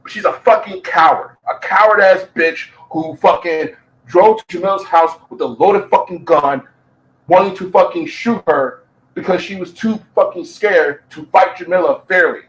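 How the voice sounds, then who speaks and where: Man, high voice, profane, heated, repetitive rant. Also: normal speed, rough recording. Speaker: commentator. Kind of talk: ranting commentary.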